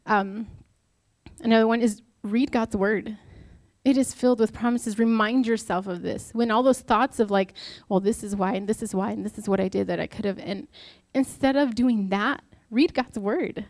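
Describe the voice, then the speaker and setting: Here a young woman at a church talk keeps her devotional chatty and candid, blending anecdotes from her own life with questions aimed at the audience. She speaks at a moderate pace in a medium pitch, her tone leaning dark, with no room sound in the recording.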